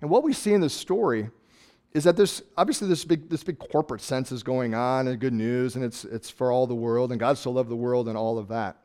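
A man preaching a sermon in a conversational, reflective way, slowing down to stress key words. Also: mid-range voice, darkish tone. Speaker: pastor.

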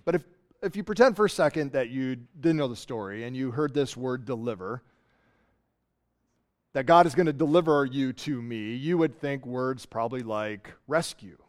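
A man preaching a sermon, telling a story in an animated way and acting out the voices. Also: mid-range voice, normal speed. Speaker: pastor.

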